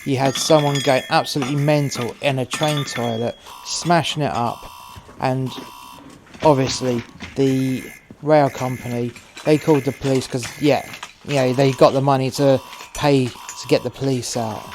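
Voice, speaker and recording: A man's voice: mid-range voice, a little mellow, a little hiss or hum, close to an everyday voice. A man playing a cynical cartel courier who narrates in the first person, in a sweary, sardonic way. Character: cynical, foul-mouthed male cartel courier.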